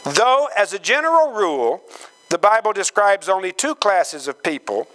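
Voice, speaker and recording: A man preaching a sermon, slow and emphatic, acting out quoted voices with dramatic swings in pitch. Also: sing-song, sharp tone, slight background noise, poor audio. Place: church gathering hall.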